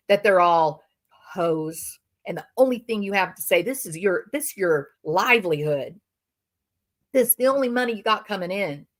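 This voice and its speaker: A woman's voice: mid-range voice, fairly bright tone. A woman hosting a livestream, giving emphatic, sarcastic reaction commentary. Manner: emphatic and sarcastic, drawn-out phrasing. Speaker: livestream host.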